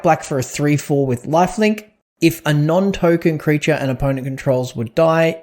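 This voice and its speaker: Guy cohosting a card game podcast, average pitch, lots of uhs and you knows. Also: darkish tone. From Australia or New Zealand. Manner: rambling, many fillers and restarts. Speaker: podcast co-host.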